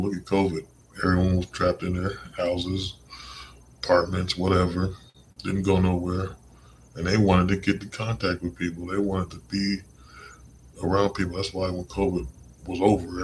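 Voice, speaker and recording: A deep-voiced man hosts his own podcast and talks through a loose, emphatic monologue full of slang. He rambles from one thought to the next. Faint crickets and a low hiss sit behind him. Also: low-quality recording. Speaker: podcast host. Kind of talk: casual monologue.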